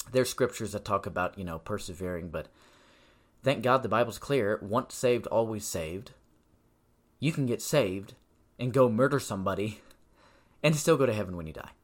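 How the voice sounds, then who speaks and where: A man hosting a podcast, teaching the Bible in a preaching style. He speaks emphatically, swings from loud insistence to quiet stress, and reads scripture in a slower, measured cadence. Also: on the low side, expressive. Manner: conversational asides and tag questions.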